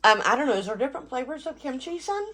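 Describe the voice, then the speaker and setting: A woman's voice: sits high, lively intonation, fast talker, sharp tone, slight background noise. Chatty woman hosting a home cooking vlog. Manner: chatty, enthusiastic, talks with mouth full. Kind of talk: casual cooking chat. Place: home kitchen.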